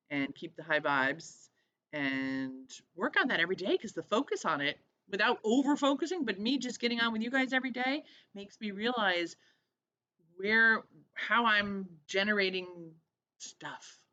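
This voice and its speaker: A woman's voice: mid-range voice, unhurried, bright, forceful tone, dull audio. A woman hosting a casual diary vlog, chatty, laughing often and acting out what people said. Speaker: vlog host.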